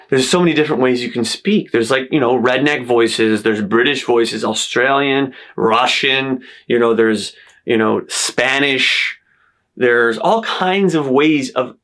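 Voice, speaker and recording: A man's voice: mid-range voice, fairly bright tone. Earnest man in a self-made stylized accent. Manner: earnest, uplifting, list-like affirmations. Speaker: self-help vlogger. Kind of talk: motivational self-help talk.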